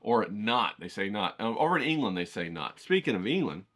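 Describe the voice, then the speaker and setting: A man's voice: fairly low pitch, sing-song, a little fast, a bit bright. A man hosting an art livestream, talking in a rambling, folksy, digressive way. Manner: digressive, folksy, says "you know what I'm saying". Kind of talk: rambling casual monologue.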